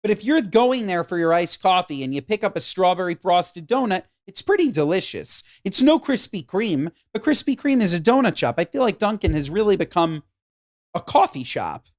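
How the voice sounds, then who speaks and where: A man co-hosting a podcast in casual chat, talking with animated enthusiasm. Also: sits high, normal speed, no echo, clean studio sound. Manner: animated, enthusiastic about food. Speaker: podcast co-host.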